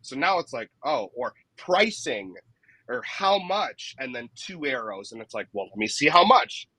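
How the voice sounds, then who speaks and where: A man's voice: medium pitch, sing-song, normal speed, bright, forceful tone, breathy edge, no echo, rough recording. A man who works as a dent repair technician, a guest on a casual podcast interview, explaining his advice step by step and often checking in with "right?". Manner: explanatory, tags many points with "right?".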